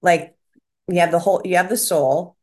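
A woman's voice: on the low side, steady tone, moderate pace. A woman talking as a psychic medium in casual chat, rambling and restarting as she relays what she is shown.

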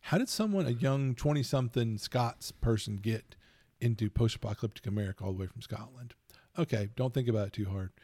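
A middle-aged man co-hosting a podcast, telling rambling, animated stories with plenty of laughs. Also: mid-range voice, brisk, dry recording. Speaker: podcast co-host. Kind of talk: casual chat.

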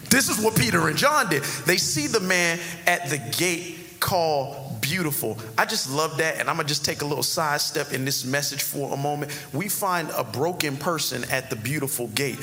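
A man's voice: fairly high pitch, animated, moderate pace, bright, forceful tone, soft background music. A male pastor preaching a conversational sermon in a church, with sudden emphatic rises. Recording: long hall reverb, faint background noise.

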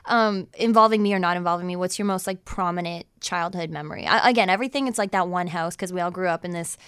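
A woman hosts a podcast in casual chat, teasing her guest and dropping in quick agreements and laughs. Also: fairly low pitch, a bit bright, smooth, dry recording, clean studio sound. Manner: teasing, with short backchannels and laughs. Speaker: podcast host.

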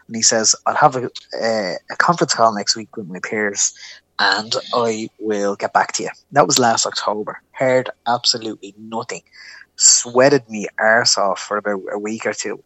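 A young Irish man co-hosts a podcast, telling a long anecdote in casual chat and animatedly acting out the voices of the people in it. His voice is mid-range at a normal speed, on a dry recording.

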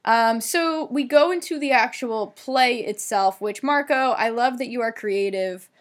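A woman with a somewhat high voice talks through a TV episode in loose, casual chat. She leans on fillers and tosses in the odd swear word. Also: unhurried. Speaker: podcast co-host recapping a TV episode.

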